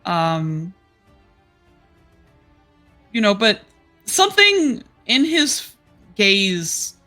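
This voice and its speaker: A woman narrating a tabletop game as game master, describing scenes in a relaxed way with many fillers. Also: medium pitch, drawn-out words, faint music behind.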